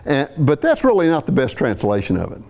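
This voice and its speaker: A man preaches a sermon in a loose, conversational way, breaking off and restarting with little asides. His voice is mellow and dark and sits at a middle pitch. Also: huge pitch swings, fairly quick, gravelly. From US South.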